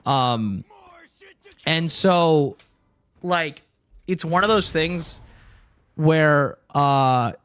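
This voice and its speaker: Playful high-voiced young man streaming. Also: very slow, pauses often, fairly bright tone, smooth, dry recording. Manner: joking, rambling, playful. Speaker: livestreamer. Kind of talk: casual stream chat with viewers.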